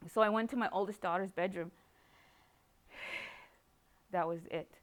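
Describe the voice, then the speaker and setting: A woman's voice: on the low side, takes it slowly. A woman from Canada giving an emotional personal testimony, speaking rawly with repeated phrases. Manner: raw, emotional, repetitive phrasing. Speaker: speaker sharing her recovery story.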